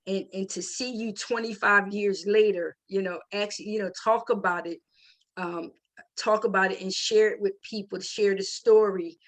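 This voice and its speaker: A woman's voice: medium pitch, fairly even intonation, normal speed. A middle-aged woman hosting a faith testimony talk, speaking in a heartfelt way with many restarts and fillers. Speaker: host.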